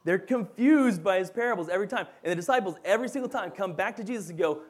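A man teaching a Bible lesson in a casual, animated way, often checking in with his listeners. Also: high-pitched, fast, few pauses, breathy edge. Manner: animated, acts out quoted voices, frequent "right?" and "okay?".

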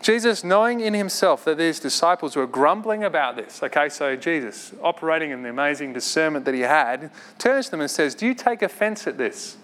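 A man preaching a sermon in an earnest, conversational way, with quick asides and light laughs. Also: on the high side, expressive, fairly bright tone.

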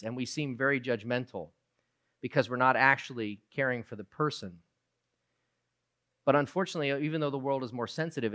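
A preacher giving a sermon, moving from low, quiet reflection to loud, emphatic retelling of a story.

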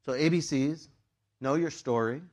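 A man's voice: a little high, normal speed. Upbeat man preaching casually. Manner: conversational, animated, lots of fillers. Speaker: pastor. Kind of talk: sermon.

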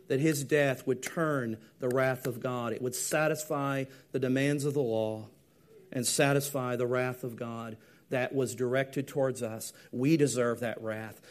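A man preaching a sermon, telling a story and moving from hushed, slow lines to loud, emphatic ones. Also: mid-range voice. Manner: dynamic, swings from hushed to emphatic.

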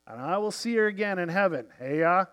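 Man voicing simple-hearted devout Viking, lilt, slightly high voice, earnest, soft trailing endings. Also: lively intonation, brisk, clean tone.

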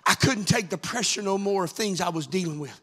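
A man's voice: high-pitched, a little fast, sharp tone, breathy edge. A man preaching a Pentecostal altar-call sermon in a church, fervent and building to urgent exhortation. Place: church sanctuary.

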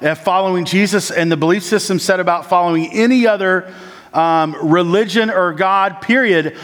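A man preaching a sermon with frequent "uh" and "like" fillers, who moves between raised, urgent lines and low, slow, quiet ones. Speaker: church planting resident preaching. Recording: long church-hall reverb.

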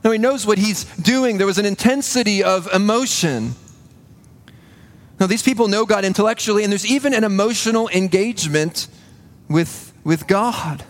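A man preaching a sermon in a church, earnest and building to a hushed intensity on key points. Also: high-pitched, lively intonation, moderate pace. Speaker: pastor.

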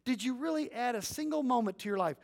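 A middle-aged man preaching a sermon as pastor, telling stories with lively acted-out scenes and leading the congregation in responsive reading. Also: very high voice, fast talker, creaky. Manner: animated storytelling, acts out scenes, sudden loud bursts.

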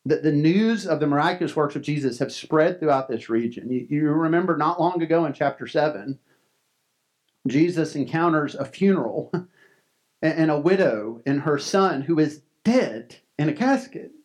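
A man's voice: fairly high pitch, animated, moderate pace. Earnest conversational male preacher. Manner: earnest, conversational, frequent restarts and soft laughs. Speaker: pastor. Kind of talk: sermon.

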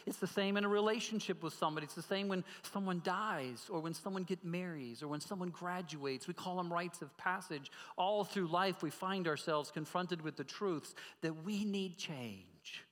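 Male pastor preaching, slightly high voice. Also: normal speed, hardly any pauses, fairly bright tone, big-room sound. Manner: earnest, addresses the congregation directly with questions. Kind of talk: sermon.

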